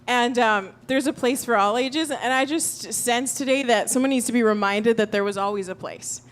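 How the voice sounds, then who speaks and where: A woman speaking in a church service, telling a story with lively, animated delivery. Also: a little high, normal speed, hardly any pauses, a little hiss or hum. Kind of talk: sermon storytelling. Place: church auditorium.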